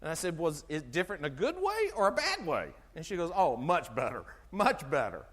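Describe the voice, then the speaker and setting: A middle-aged chiropractor gives an animated, sermon-like health talk at a brisk pace, quizzing his listeners and acting out dialogue along the way. His high voice constantly swings up and down, and the sound carries a hall's long reverb.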